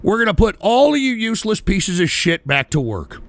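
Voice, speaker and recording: A man's voice: sits high, very animated, moderate pace. A man hosting a political talk show, ranting aggressively and profanely and hammering his points home by repeating them.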